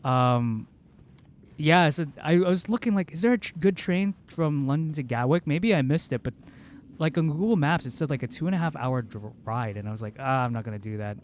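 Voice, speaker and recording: A man's voice: a little high, animated, a little hiss or hum. A man from the American South chatting casually and rambling through stories while streaming a horror game. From Southern United States. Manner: rambling, chatty storytelling, quick laughs. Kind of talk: casual chat while playing.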